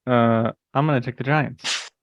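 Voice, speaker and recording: A man's voice: medium pitch, steady tone, unhurried, dry recording. A man hosting a casual sports podcast. He moderates the picks and teases his co-hosts in a dry way. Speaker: podcast host.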